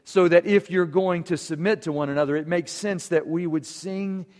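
A man's voice: high-pitched, moderate pace, a little mellow. A man preaching a sermon to his congregation, earnest and emphatic. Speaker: pastor. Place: church sanctuary. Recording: long church reverb.

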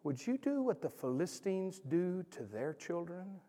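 A man puts on the voice of God, hushed and entreating. It asks its questions gently rather than ordering. The high voice carries a long, echoing reverb. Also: very animated, takes it slowly, slightly rough, full character voice. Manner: soft, pleading questions.

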